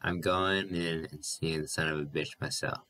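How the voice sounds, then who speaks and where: A man's voice: rumbling low, fairly even intonation, moderate pace, sharp tone. A man voicing an angry neighbour man who speaks in a belligerent, cursing way.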